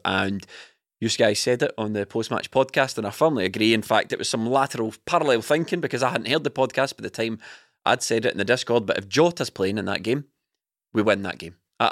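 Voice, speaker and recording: A man's voice: lowish voice, fairly bright tone, dry recording, clean studio sound. A man, a podcast co-host, talking football in a heated, opinionated way. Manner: passionate, ranting opinions. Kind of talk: casual football chat.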